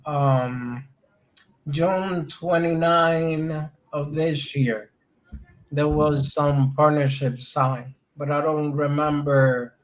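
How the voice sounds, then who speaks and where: A man's voice: on the high side, rough recording. A man co-hosting a casual crypto livestream, reading viewer comments aloud. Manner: slow, reads chat comments aloud. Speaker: stream co-host reading chat.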